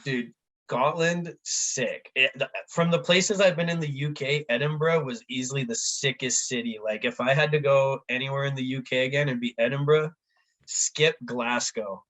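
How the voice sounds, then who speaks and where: A man tells a story in a relaxed, casual chat. He is animated and puts on the voices of the people in it, dropping "like" all the time. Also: medium pitch, normal speed, poor audio. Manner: animated, acts out quoted voices, says "like" often. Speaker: podcast guest.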